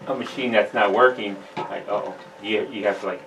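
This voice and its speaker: A man's voice: on the low side, fairly even intonation, fairly bright tone. A man hosting a casual radio interview who often stops and restarts. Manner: halting, full of restarts. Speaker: radio host. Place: radio studio. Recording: distant mic with faint hiss.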